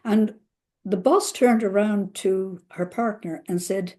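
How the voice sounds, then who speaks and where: Woman, therapist, conversational storytelling, mellow voice, animated quoted voices. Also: mid-range voice, takes it slowly. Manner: acts out quoted voices with lively emphasis.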